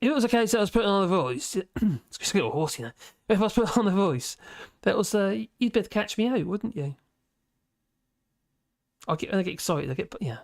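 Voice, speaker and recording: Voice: mid-range voice, expressive, brisk, creaky, long pauses, no echo, clean studio sound. A livestream host, chatting casually and reading viewer comments in a rambling way, with many restarts and fillers. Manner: laughs often between remarks.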